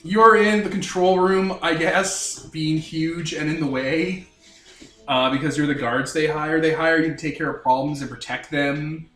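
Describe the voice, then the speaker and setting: Man, game master, wry rambling narration, higher voice, roomy echo, faint music. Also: fairly even intonation, a little slow, fairly bright tone. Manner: wry, rambling scene-setting. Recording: echoey room, from far off, music behind.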